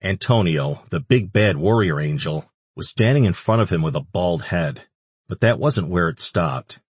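A man narrating an audiobook in a measured, even reading. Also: low voice, breathy edge, no room sound. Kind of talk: scripted narration.

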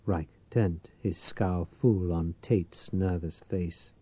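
A man narrating an audiobook in a measured, even manner. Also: deep voice, breathy edge, dry recording.

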